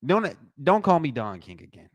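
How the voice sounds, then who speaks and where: A young man commentating a live watch party, joking with his chat in a slangy, excitable way. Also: moderate pace, dry recording, muffled recording. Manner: excitable, joking, slangy, bursts into high-pitched reactions.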